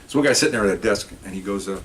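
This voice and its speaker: A man, a former police detective, talks at a brisk clip as he tells stories from the job. His delivery is loose and conversational, with lots of restarts. He brings the people in his stories to life by acting out what they said. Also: on the low side, slight background noise. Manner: rambling anecdotes with restarts; animated retelling of conversations. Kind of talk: casual spoken storytelling.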